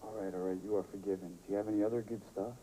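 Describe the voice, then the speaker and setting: An actor playing an impatient, nosy priest hearing confession in a comedy film. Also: male voice, lowish voice, fairly even intonation, very fast, mellow, slight background noise, natural voice, poor audio. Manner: bored, gruff, nosy.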